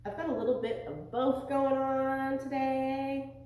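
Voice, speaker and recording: A woman teaching an online preschool lesson, encouraging and animated, with a sing-song delivery, in a very echoey room away from the mic. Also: high-pitched, unhurried, far from the mic.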